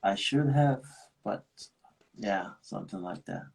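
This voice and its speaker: A man hosting a casual live chat, telling animated stories and slipping into Korean phrases. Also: lowish voice, unhurried, gravelly, low-quality recording. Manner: animated storytelling, switches into Korean. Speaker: host.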